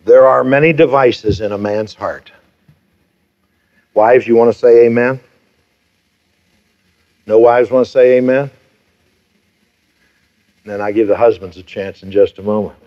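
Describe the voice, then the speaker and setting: A man's voice: mid-range voice, a little slow, long pauses. A pastor in his fifties preaching a sermon, emphatic, with rhetorical questions and repeated phrases. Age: 50s. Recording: dull lo-fi sermon recording.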